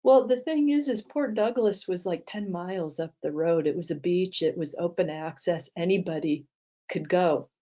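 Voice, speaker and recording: A woman's voice: on the low side, normal speed, mellow, dull audio. A woman teaching a mindset talk, telling an anecdote with many fillers and restarts. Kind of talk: storytelling talk to an audience.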